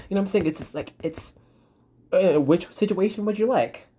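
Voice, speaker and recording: A woman's voice: mid-range voice, fast, warm tone. A woman from Texas, doing a chatty, reassuring intuitive card reading to camera. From Dallas, Texas. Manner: chatty, reassuring, trails off mid-sentence. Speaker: tarot reader and spiritual channeler.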